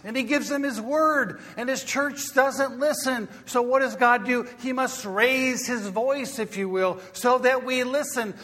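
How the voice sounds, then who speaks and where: A man preaching a sermon in a church, swinging from loud, urgent calls down to hushed near-whispers for emphasis. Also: very high-pitched, big-room sound. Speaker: pastor. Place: church sanctuary.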